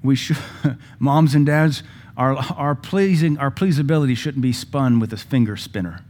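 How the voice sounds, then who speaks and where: A man's voice: medium pitch, moderate pace, darkish tone. A male pastor, preaching a sermon in a conversational, folksy way with asides to the congregation. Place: church.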